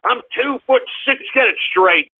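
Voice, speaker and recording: A man hosts a call-in radio comedy show in a squeaky, cartoonish voice with a husky edge. He rants, shouts and insults his callers. The sound is thin and tinny, as if over a phone line. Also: lively intonation, a little slow. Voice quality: cartoonishly high and strained.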